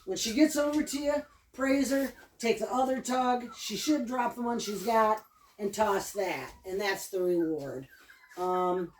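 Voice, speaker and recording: A woman's voice: medium pitch, measured pace, darkish tone. A woman dog trainer explains things in a loose, chatty way, speaking from a little way off the mic. Her voice carries a roomy echo. Faint noise sits under the recording. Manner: chatty, loose and repeats cues with praise. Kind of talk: casual training demonstration. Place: indoors at home with her dog. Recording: echoey room, mic at a distance.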